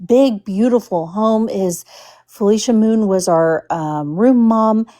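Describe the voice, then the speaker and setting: Woman livestream host from the Houston area, unhurried, mellow, careful and hesitant delivery. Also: medium pitch. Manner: halting and careful with words, many restarts. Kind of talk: casual livestream commentary.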